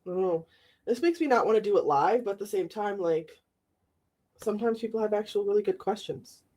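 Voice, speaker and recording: Teasing woman host, lively pitch. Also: a little fast. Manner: joking, teasing. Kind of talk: casual interview chat.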